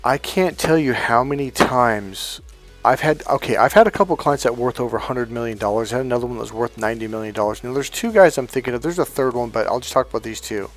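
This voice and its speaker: A man in the middle of his range delivers a swearing, emphatic rant as a dating coach. His pitch is ordinary for a man, neither high nor low, and he pushes each point hard. Soft music plays faintly behind him. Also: quick pace. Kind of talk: monologue to camera.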